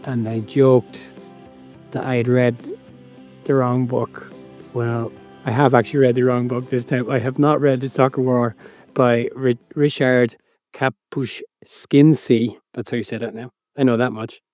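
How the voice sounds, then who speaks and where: A man's voice: medium pitch, flat delivery, unhurried, darkish tone, faint music behind. A man co-hosting a podcast in casual chat, sheepish and dryly self-deprecating. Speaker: podcast co-host.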